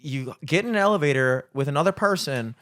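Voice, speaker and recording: A young adult man co-hosting a podcast, chatting casually, rambling and swearing often. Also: fairly quick. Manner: rambling, swears freely, animated swings in pitch. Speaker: podcast co-host. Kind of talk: casual chat.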